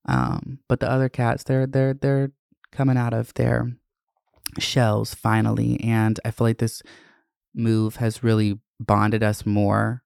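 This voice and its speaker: Woman in her twenties, podcast host; candid, profane, open-hearted casual chat; smooth, dry delivery. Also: rumbling low, level tone, slow, a little mellow, no echo. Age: 20s.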